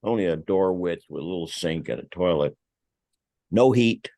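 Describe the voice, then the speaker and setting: An older man, a vineyard owner and podcast guest, telling an animated, profane anecdote and acting out the other people's voices. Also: sits low, normal speed. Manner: animated, acts out voices, swears freely.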